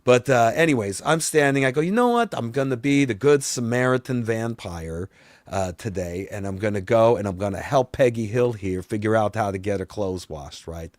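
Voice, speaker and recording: A man's voice: lowish voice, animated, normal speed, dry recording, clean studio sound, close to an everyday voice. A man playing a boastful vampire talk-show host, telling a rambling, exasperated story and swearing along the way. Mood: ranting. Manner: rambling and exasperated, swears, voice often climbs and grows loud. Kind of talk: comedic rant.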